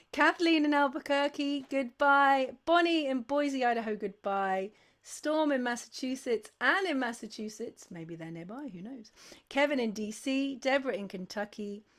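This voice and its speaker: A woman's voice: high voice, fairly bright tone. A woman hosting a sing-along livestream, chatting casually, gushing with thanks and reading out viewers' names one after another.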